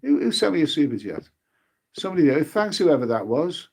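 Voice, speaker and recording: A man's voice: fairly high pitch, sing-song, brisk, gravelly, a little mellow, slightly rough. A man hosting a travel live stream in a casual, rambling way, repeating his words and leaning on fillers. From United Kingdom.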